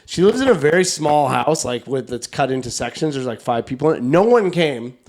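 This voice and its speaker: A man's voice: mid-range voice, animated, fairly quick, darkish tone. A man co-hosting a comedy podcast, telling a long story in a loose, rambling way, full of fillers and casual swearing. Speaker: podcast co-host.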